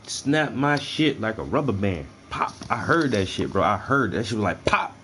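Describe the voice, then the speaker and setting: A man telling a story in casual, profane slang while he paints, his delivery animated and loose. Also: lowish voice, normal speed, slight background noise. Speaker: painting stream host.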